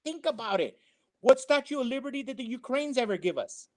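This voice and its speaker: Man co-host, high-pitched, preachy and emphatic, opinion-show commentary. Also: very animated, fast. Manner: emphatic, preachy, repeats phrases.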